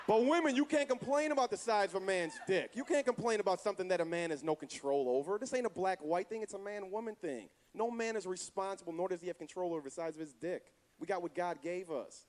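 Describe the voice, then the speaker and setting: Brash, profane high-voiced stand-up comic. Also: male voice, lively intonation, fast, hardly any pauses. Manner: brash, profane, crowd-baiting. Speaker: stand-up comedian. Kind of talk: stand-up comedy set. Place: comedy club stage before a live audience. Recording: live club with audience and noise.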